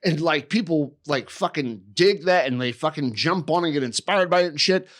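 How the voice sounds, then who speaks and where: A man's voice: a little high, moderate pace, a bit bright. A man co-hosting a podcast, talking bluntly and emphatically with constant swearing. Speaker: podcast co-host. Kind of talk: casual chat.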